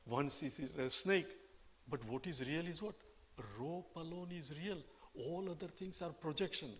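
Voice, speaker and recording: A man's voice: fairly high pitch, moderate pace, fairly bright tone. Man teaching with rhetorical questions. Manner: rhetorical questions, acts out quoted dialogue. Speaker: spiritual teacher. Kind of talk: Vedanta scripture discourse.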